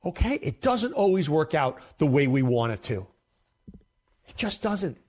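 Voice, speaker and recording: A man's voice: fairly high pitch, big pitch swings, unhurried, darkish tone. A man hosting a fantasy football show, talking casually and emphatically, often repeating himself for effect. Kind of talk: casual commentary to camera.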